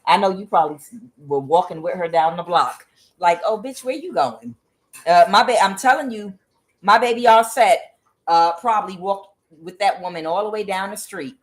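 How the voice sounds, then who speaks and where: A woman's voice: medium pitch, normal speed, low-quality recording. A woman giving a casual tarot reading, talking bluntly with profanity and drifting into rambling asides to her cat. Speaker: tarot reader.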